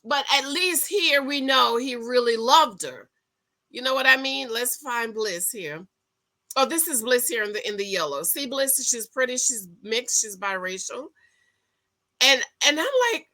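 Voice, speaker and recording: A woman casually recapping a reality TV episode, chatty and emphatic, talking straight to her viewers and breaking into excited outcries. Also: on the high side, unhurried. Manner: bursts into excited loud outcries. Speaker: TV show recap host.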